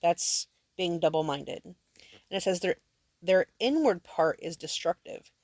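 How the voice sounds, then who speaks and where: A woman's voice: on the low side, expressive, a little slow, darkish tone, no room sound. Woman reading and explaining scripture. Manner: explains verses plainly, checks understanding with questions. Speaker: parent teaching scripture to her sons. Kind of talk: home scripture lesson.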